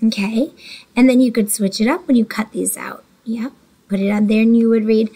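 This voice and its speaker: A woman teacher giving a slow, patient, encouraging early reading lesson, talking to young children by name. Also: fairly high pitch, fairly even intonation, dark tone, slightly rough, low-quality recording.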